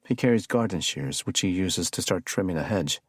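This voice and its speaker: A man narrating a first-person suspense audiobook in a measured storytelling delivery. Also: sits low, lively intonation, breathy edge, no room sound, studio quality.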